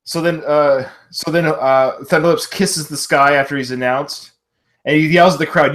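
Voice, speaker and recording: A man in his thirties co-hosting a podcast, chatting casually about a film, laughing often and quoting lines with excitement. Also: a little high, moderate pace. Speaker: podcast co-host.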